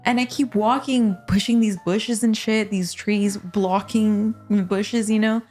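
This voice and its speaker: Profane, animated woman telling a story. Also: mid-range voice, unhurried, faint music behind. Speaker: guest. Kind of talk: casual storytelling.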